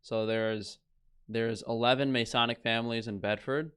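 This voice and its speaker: Brief young male streamer, profane and scornful, mid-pitched voice, casual rant over headlines. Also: steady tone, moderate pace, a bit bright, clear, resonant tone. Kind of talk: casual ranting commentary.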